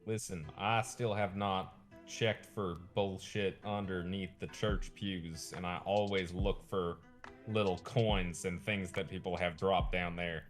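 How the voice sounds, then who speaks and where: A man's voice: sits low, steady tone, a little slow, faint music behind. A man playing a tabletop game, joking in an offhand manner. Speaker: player.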